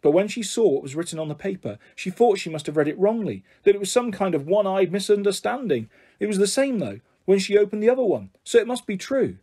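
Man, storybook narrator, lively pitch, husky tone. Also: fast. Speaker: audiobook reader.

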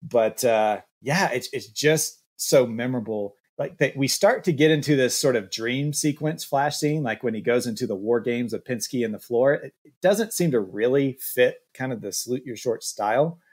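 A man's voice: medium pitch, lively intonation, normal speed, few pauses, husky. A man who is a guest on a podcast, chatting with enthusiasm and rambling with restarts. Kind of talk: casual podcast chat.

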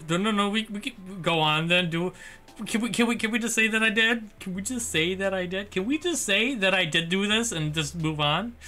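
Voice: mid-range voice, normal speed, pushed and bright. A streamer giving rambling casual commentary while playing a language game. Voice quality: rambling, repetitive, self-bargaining.

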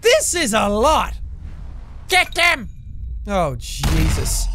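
A young man giving loud, excitable let's play commentary, swearing freely and swinging between shouts and mutters. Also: extremely high pitch, takes it slowly, slight background noise. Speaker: gaming YouTuber.

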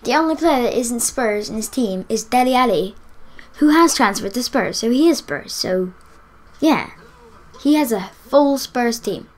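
A woman giving live commentary on a football video game, excitable, cheering and groaning as the play unfolds. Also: on the high side, a little slow. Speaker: gaming YouTuber.

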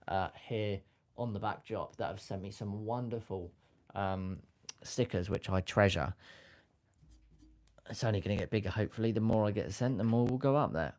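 A man with a slightly low voice hosts a relaxed live stream. He reads out viewers' comments in a goofy, chatty way and is quick to laugh at himself. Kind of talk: casual live-stream chat, reading out comments. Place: home setup with a sticker backdrop.

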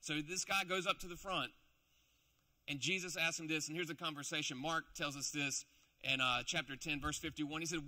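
A man's voice: on the high side, moderate pace, bright, forceful tone. A man preaching a youth sermon in a playful storytelling way, acting out the characters' lines in the story he tells. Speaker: youth pastor.

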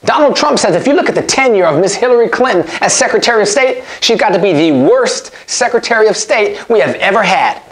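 A woman hosting a comedy podcast, running through odd news stories in an animated, incredulous way and breaking into laughter. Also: mid-range voice, fairly quick, hardly any pauses. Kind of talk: comic news rundown.

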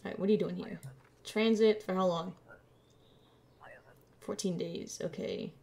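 A woman streaming a game, talking half to herself in a slow, unhurried way as she checks things over. Her voice has a gravelly, fry-edged texture, and keyboard typing clicks sit faintly behind her. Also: on the low side, steady tone, a little mellow, slight background noise. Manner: muttering to herself while checking documents, playful. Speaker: gameplay streamer. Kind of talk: casual let's-play commentary.

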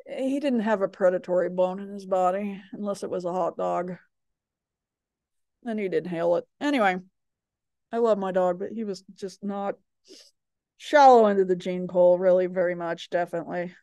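In a recorded biology lecture with no room sound, a woman with a fairly low, warm voice speaks at normal speed. She rambles and digresses, filling her talk with fillers and chatty personal anecdotes.

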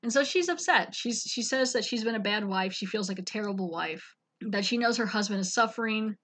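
Woman podcaster chatting through a recap, does little voices, ordinary pitch. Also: animated, a little fast, fairly bright tone. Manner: chatty, acts out quotes. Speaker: podcast host. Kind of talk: casual episode recap.

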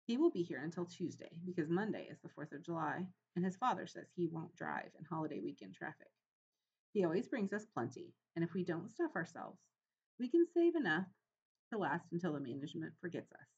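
A woman's voice: on the low side, very animated, a little fast, darkish tone, breathy edge, muffled recording, heavily acted. A woman voicing a bold, self-assured young boy mouse. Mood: eager.

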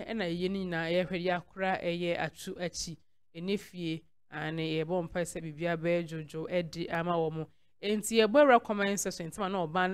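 A woman's voice: on the low side, smooth. A woman with a Ghanaian accent hosting a celebrity gossip channel, mixing Twi and English as she reads viewer comments aloud. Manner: mixes Twi and English freely.

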